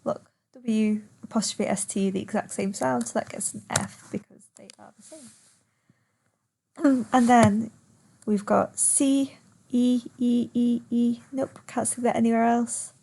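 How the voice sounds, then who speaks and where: A woman's voice: on the high side, fairly even intonation, a little slow, vocal fry, darkish tone, slightly rough. Patient woman teaching online. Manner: patient, explains step by step, stretches words to show stress. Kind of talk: recorded online lesson.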